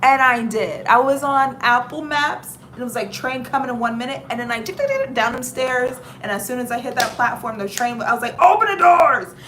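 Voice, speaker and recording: Hosting a laid-back livestream, this woman with a Southern US accent reads viewer comments aloud and spins stories full of dramatic exclamations. Her slightly high voice runs fairly quick with hardly any pauses, over slight background noise.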